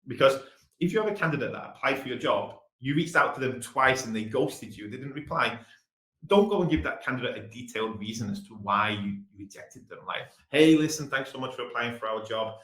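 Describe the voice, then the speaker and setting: Brief: English man, mid-range voice, quick and energetic webinar presenter, echoey room. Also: mid-range voice. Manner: fast-talking, energetic.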